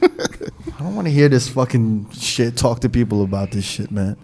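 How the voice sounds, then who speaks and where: A man's voice: medium pitch, normal speed, vocal fry. Exasperated, profane man ranting casually. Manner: exasperated, profane, animated storytelling. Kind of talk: casual group banter.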